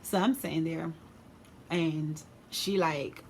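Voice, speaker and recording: Young woman chatting a storytime vlog, low-ish voice, lots of slang, faint hiss behind. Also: takes it slowly. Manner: casual, animated storytelling with slang. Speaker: vlogger.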